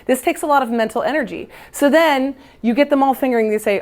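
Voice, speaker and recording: A woman, a music teacher, giving a lively storytelling lesson to other teachers and acting out how children react. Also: sits high, quick pace. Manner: animated, playful, acts out children's reactions.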